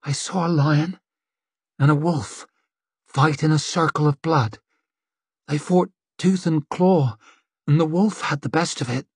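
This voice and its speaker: A man voicing a young woman seer in a trance, her voice rough and hollow, in an audiobook. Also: fairly high pitch, a little slow, pauses often, dry recording, clean studio sound, voice pushed up.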